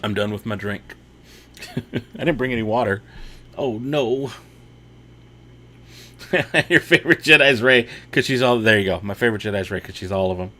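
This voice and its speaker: A man's voice: on the low side, normal speed, long pauses, bright, forceful tone, a little hiss or hum. A man hosting a casual watch-party livestream, reading chat comments aloud and laughing often.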